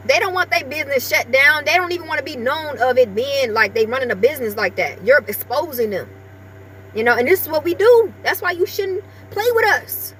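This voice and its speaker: A woman's voice: high-pitched, animated, a little fast, fairly bright tone, a little hiss or hum. A woman vlogger chatting casually with her viewers and breaking off now and then to talk to her small dog.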